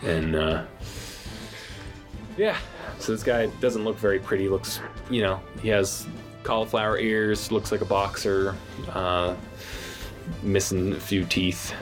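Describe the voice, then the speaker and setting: A man narrating a tabletop game as game master in a relaxed, rambling way. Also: on the low side, a little slow, long pauses, music in the background.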